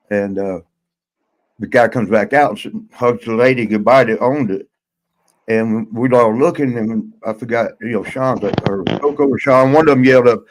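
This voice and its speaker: A man hosting a podcast, telling a rambling story in a casual, halting way and chuckling as he goes. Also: mid-range voice, low-quality recording. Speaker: podcast host.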